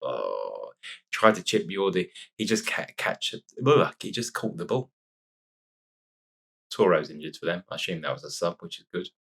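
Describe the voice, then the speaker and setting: Guy with a deep voice chatting over his football sim, gets excited at the chances, bit sniffly. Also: normal speed, husky. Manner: chatty, excitable reacting to match play. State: sore nose after sneezing fit. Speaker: gaming YouTuber. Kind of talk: casual let's-play commentary.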